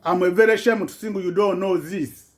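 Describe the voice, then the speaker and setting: High-voiced guy ranting about politics, broken english, keeps repeating himself, fired up. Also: normal speed. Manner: broken non-native English, repetitive, indignant. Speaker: vlogger. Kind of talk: impassioned political rant.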